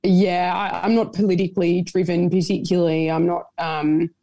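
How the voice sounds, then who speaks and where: A woman's voice: lowish voice, little pitch movement, normal speed, mellow, no echo. A woman talking on a podcast over a video call. She rambles easily and laughs a lot between thoughts. The sound is dry and close, with no room around her. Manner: laughs often, chatty and rambling. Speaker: podcast guest, doctor and author.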